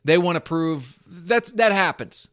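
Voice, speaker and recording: A man's voice: high-pitched, a little slow. A young man hosting a solo sports podcast, talking animatedly and thinking aloud, often poking fun at himself. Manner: animated, self-deprecating, thinking aloud with restarts. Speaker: podcast host.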